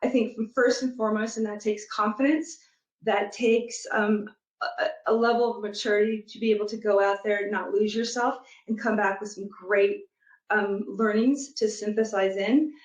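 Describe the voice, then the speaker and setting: A woman's voice: medium pitch, steady tone, moderate pace. Reflective woman on a roomy remote line. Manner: thoughtful, many ums and restarts. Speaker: guest, product leader and youth soccer coach. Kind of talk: conversational interview answers.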